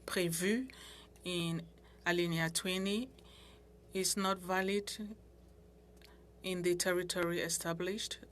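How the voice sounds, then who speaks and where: A woman with a slightly low voice interprets a committee meeting, her delivery measured and full of small restarts. A faint noise floor sits under her words. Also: fairly even intonation, a bit bright. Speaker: interpreter voicing committee members. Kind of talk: simultaneous interpretation. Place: committee room.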